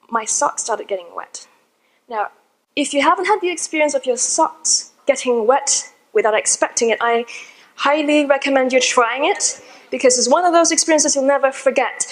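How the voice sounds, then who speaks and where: Speaking from the front of the room to a seated audience, a conference speaker with a high, light voice tells her story in a chatty, informal way, as though among friends. The recording is rough.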